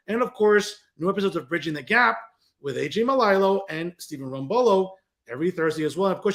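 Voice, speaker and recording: A man's voice: high-pitched, fairly bright tone. A man hosting a political commentary show, ranting in a combative, sarcastic way and addressing listeners as folks. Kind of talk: opinionated political commentary monologue.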